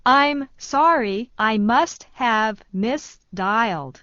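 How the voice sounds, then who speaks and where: A woman reads English phrases for learners at a very slow, deliberate pace. Her voice sits a little high. The sound is dry and dull, with a muffled top end. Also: dry recording. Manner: slow, even repetition of each phrase. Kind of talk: slow scripted phrase reading.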